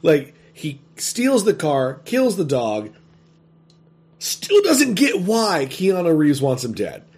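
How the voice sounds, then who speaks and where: Animated, profane man chatting movies. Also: a little high, slow pace, slightly rough. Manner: animated, profane, laughing often. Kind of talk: casual movie review chat.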